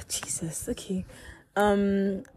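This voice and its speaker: Whispering very slowly in a mid-range, slightly bright voice with little pitch movement, a young woman hosts her own podcast solo. Her casual chat rambles, includes self-corrections and is full of laughter.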